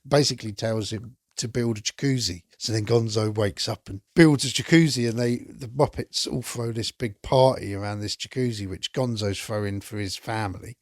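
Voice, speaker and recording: A man's voice: on the low side, normal speed, few pauses, dry recording, studio quality. A man hosting a podcast, chatting enthusiastically through a casual film review and swearing now and then. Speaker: podcast host.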